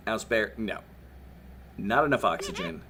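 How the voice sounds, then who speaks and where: Male game streamer, voice a bit strained, bright and bouncy delivery, grumbling and scolding the screen. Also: fairly low pitch, lively intonation, unhurried, slight background noise. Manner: exasperated, scolds his colonists, swears. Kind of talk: livestream gameplay commentary.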